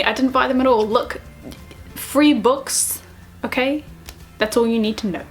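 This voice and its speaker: A woman talks to camera in a casual vlog. She is bubbly and excitable, laughs at herself, and speaks with a slightly high voice. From New Zealand. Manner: bubbly, excitable, self-deprecating, giggly. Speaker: book vlogger.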